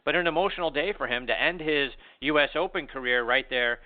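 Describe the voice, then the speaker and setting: A man's voice: a little high, a little fast. A man hosting a golf talk show, asking long, winding questions. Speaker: radio show host. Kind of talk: interviewing. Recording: tinny phone-like sound.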